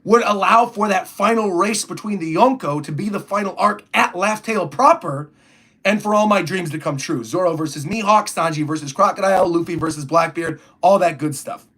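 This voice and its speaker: A man's voice: high voice, fairly quick, a bit bright. A young man chatting casually on a livestream, rambling through his thoughts and reading viewer comments aloud. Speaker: streamer reacting to a comic chapter.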